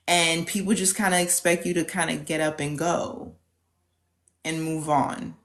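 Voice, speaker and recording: A woman's voice: low voice, steady tone, a little slow. A woman guest on a podcast, talking in a reflective, thoughtful way in loose run-on phrases. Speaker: podcast guest, end-of-life specialist. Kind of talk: casual podcast conversation.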